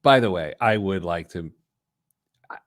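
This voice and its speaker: A man's voice: sits low, lively intonation, unhurried, no echo, studio quality. A middle-aged man co-hosting a podcast, chatting in a jokey, self-mocking way and often breaking into laughter. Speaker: podcast co-host. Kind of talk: casual chat and read-out segment.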